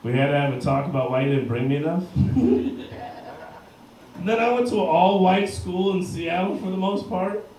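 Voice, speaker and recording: A male comedian in his thirties doing a crude stand-up set on a bar stage in front of a live crowd, often shouting his punchlines. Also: sits high, lively intonation, normal speed, pauses often, a little hiss or hum. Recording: distant mic with heavy bar room echo.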